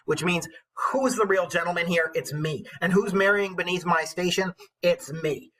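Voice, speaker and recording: A man's voice: high-pitched, moderate pace, hardly any pauses, pushed and bright, poor audio. A man teaching an online English lesson, chatty and enthusiastic, with self-mocking asides.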